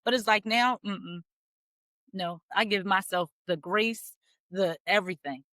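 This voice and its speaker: A woman's voice: mid-range voice, unhurried, fairly bright tone, no room sound. A woman in her thirties from Philadelphia, a podcast guest who talks candidly about herself, laughing easily as she retells her experiences. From Philadelphia, USA. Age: 30s. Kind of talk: casual personal storytelling.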